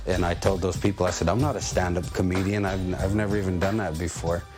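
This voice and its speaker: A man telling stories about his singing career in a relaxed, anecdotal way. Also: sits low, fast. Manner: relaxed, anecdotal, some repeats. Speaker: singer and storyteller. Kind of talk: storytelling talk. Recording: music playing underneath.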